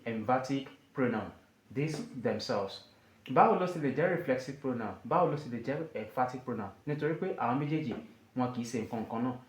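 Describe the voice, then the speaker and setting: A man's voice: medium pitch, roomy sound. A man, a Yoruba speaker, teaching an English grammar lesson and asking his listeners rhetorical questions.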